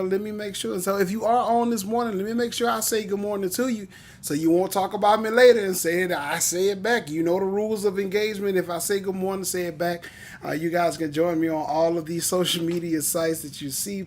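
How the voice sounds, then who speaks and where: Man, 30s, lilt, slightly high voice, energetic, repetitive greetings, motivational livestream talk. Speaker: livestream host. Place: indoors, home.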